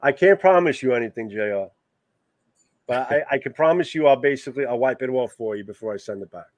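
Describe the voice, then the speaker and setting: A man with a New York accent co-hosting a casual livestream chat, animated and greeting viewers by name. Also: medium pitch, fast talker, dry recording. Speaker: co-host.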